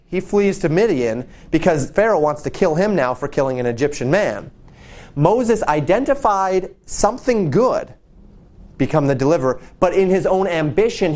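Male preacher, relaxed storyteller teaching a Bible passage, a touch high-pitched, often doubles his words. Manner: storytelling, with quick repeated words.

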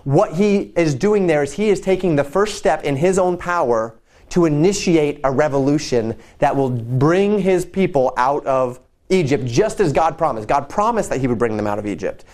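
Man, preacher, slightly higher voice, casual Bible storytelling, repeats words. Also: animated, normal speed, darkish tone. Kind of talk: conversational Bible teaching.

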